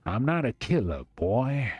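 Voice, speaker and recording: A man voicing a cold, threatening male gunman in a game, speaking slowly. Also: sing-song, darkish tone, slightly rough, dry recording. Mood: menacing. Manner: slow, low, threatening.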